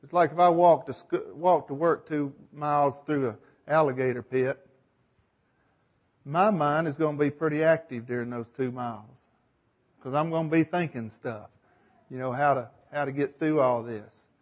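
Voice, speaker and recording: A man's voice: a little high, moderate pace, dull audio. Man leading a Bible study. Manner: conversational, thinks aloud, asks the group questions. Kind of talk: leading a group Bible discussion.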